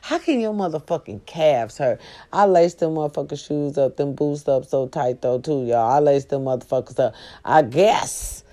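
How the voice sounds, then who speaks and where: A woman sitting on her bed, in pain, telling a profane, animated story straight to her viewers. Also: deep voice, moderate pace. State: sore, in pain. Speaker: vlogger. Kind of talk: casual storytelling vlog.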